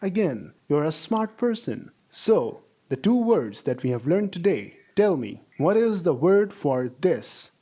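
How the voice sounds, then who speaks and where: A man teaching a language lesson, saying model sentences slowly for students to repeat and praising them. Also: on the high side, sing-song, warm tone, breathy edge. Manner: slow, drawn-out model sentences for repetition; encouraging, praises imagined students. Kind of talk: classroom-style language lesson.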